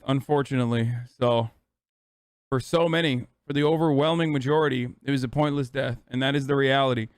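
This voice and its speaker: A man in his thirties rants angrily into a close, dry mic, with a fairly high voice for a man. He swears constantly and pushes hard at his audience. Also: no room sound. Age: 30s. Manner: angry, profane rant. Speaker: streamer. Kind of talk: heated political commentary.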